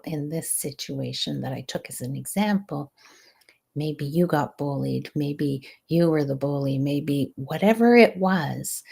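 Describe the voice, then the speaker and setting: Slow, gravelly-voiced woman coach. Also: low voice. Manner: slow, soothing, guiding delivery with softly breathed phrases. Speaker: stress management coach and host. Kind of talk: live coaching talk.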